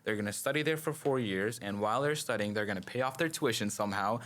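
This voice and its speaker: A man's voice: lowish voice, fast, fairly bright tone. A man on a panel podcast, a guidance counselor, telling casual anecdotes with lots of "like". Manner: casual, anecdotal, many "like" fillers.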